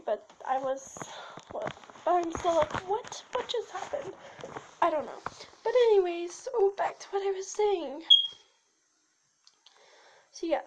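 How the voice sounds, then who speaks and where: A woman's voice: very high-pitched, background noise. A teenage girl chatting casually to her channel, rambling and sidetracked, with many fillers and restarts and a habit of shifting her voice. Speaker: channel host. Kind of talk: casual chat to camera.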